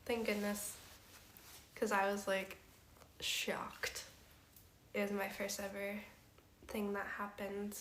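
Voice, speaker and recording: A young woman tells a casual story on stream, laughing easily and leaning on fillers. Her voice sits at a middle pitch. The room around her has a roomy echo. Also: monotone, slow, long pauses, fairly bright tone, a little hiss or hum. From Canada. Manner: chatty, laughs often, filler-heavy. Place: house room.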